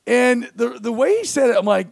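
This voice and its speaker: A man in his thirties tells comedic stories at a high pitch, with a gravelly edge. He acts out quotes loudly and animatedly. The sound is dry and close. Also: very animated, fairly quick, no echo. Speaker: podcast co-host. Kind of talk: casual comedic storytelling.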